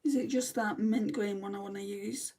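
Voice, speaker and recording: A woman's voice: mid-range voice, steady tone, moderate pace, dark tone, a little hiss or hum. A woman from Lancashire with a Lancashire accent, chatting bluntly while doing her makeup and answering viewer comments. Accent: Lancashire English. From Lancashire, England. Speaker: beauty vlogger. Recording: voice a little distant from the mic.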